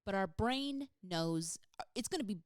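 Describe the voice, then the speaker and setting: A woman co-hosting a podcast in casual chat, telling stories with animated, laughing delivery. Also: mid-range voice, moderate pace, no room sound, studio quality. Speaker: podcast co-host.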